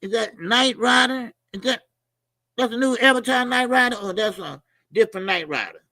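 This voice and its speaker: A man's voice: extremely high pitch, moderate pace, pushed and bright, no room sound, clean studio sound. A middle-aged man hosts a casual boxing livestream. He talks loose and profane, laughs a lot and reads out viewer comments and donations.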